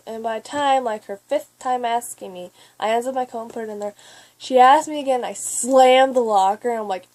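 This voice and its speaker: Teen girl vlogging, kinda high voice, mellow tone, rambly and chatty, swears then says sorry. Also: steady tone. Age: teens. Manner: rambling, chatty, swears and apologizes, quick asides. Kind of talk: casual storytelling to camera.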